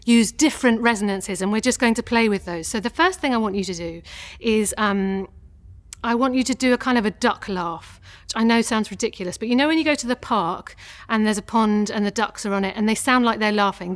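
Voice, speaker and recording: A woman with a fairly high voice leads a singing warm-up, talking learners through each exercise step by step. She shows each sound before asking them to copy it, and her tone stays encouraging throughout. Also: fairly quick. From England. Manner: encouraging, clear instructions, demonstrates sounds. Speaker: singing teacher. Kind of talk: vocal warm-up lesson.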